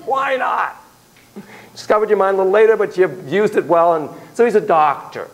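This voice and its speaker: A man's voice: high voice, fast, rough recording. A man giving a classroom lecture on parenting, acting out quoted voices and digressing with laughter. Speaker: psychology lecturer.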